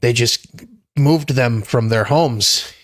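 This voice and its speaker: A man's voice: mid-range voice, slow, lightly acted. A man putting on a whiny, nasal, grating male voice. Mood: whiny, protesting.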